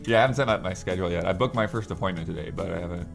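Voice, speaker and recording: A man chatting on a gaming podcast in a laid-back, low-key manner. His voice is very deep and gravelly with heavy fry. Faint music sits underneath. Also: very fast. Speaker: podcast co-host. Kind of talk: casual podcast chat.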